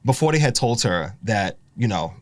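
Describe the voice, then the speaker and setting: A man's voice: lowish voice, big pitch swings, moderate pace, no echo. A man co-hosting a podcast, chatting casually and joking with frequent laughter. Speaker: podcast co-host. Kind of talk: casual chat.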